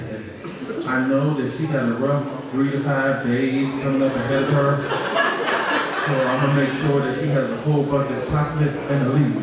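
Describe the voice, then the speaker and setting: A man's voice: medium pitch, flat delivery, normal speed. A man doing a crude open mic stand-up set, talking straight to the crowd. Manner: brash, crude, directs the crowd. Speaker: stand-up comic. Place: comedy club stage. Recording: echoey club from far off, loud crowd.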